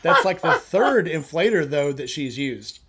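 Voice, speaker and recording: A man's voice: fairly high pitch, sing-song, unhurried, very noisy. Blunt, opinionated man chatting. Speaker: panelist on a live chat show. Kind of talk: casual chat.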